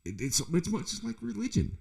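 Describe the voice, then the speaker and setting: A man's voice: sits high, wildly swooping pitch, moderate pace, vocal fry, mellow, slightly rough. A middle-aged man in casual podcast chat, rambling through stories with constant swearing. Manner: profane, rambling storyteller. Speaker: podcast host.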